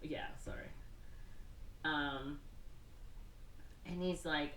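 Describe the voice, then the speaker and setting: Woman on a podcast retelling a movie, bright voice, kinda low, echoey room a bit off mic. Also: lively intonation, slow, pauses often, distant mic, a little hiss or hum. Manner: rambling movie recap with voiced quotes. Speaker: podcast co-host. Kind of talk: casual chat.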